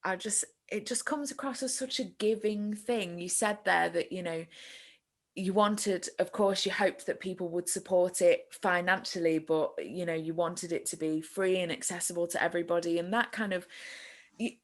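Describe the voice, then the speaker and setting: A woman's voice: lowish voice, normal speed. A woman hosting a casual interview, encouraging her guest and laughing along. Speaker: podcast host.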